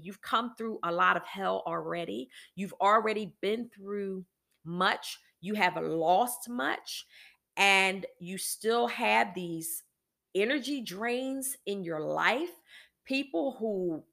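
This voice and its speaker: A woman's voice: mid-range voice, gravelly, fairly bright tone. A woman hosting a podcast, talking candidly and emphatically about a personal frustration and speaking straight to her listeners in a preacherly way. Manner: emphatic, exasperated storytelling with frequent restarts; direct address to listeners, preacherly. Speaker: podcast host.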